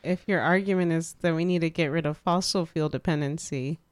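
A woman's voice: deep voice, fairly quick, no room sound. A woman co-hosting a casual podcast, giving plainspoken opinions. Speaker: podcast co-host. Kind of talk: casual chat.

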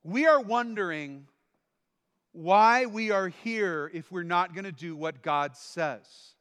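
A man preaching a sermon in a church hall, swinging between quiet explanation and loud, shouted lines. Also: sits high, takes it slowly, smooth. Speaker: pastor.

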